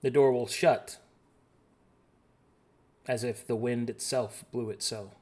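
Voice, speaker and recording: A man's voice: medium pitch, steady tone, takes it slowly, mellow. A man narrating as game master of a tabletop game, giving short, matter-of-fact rulings.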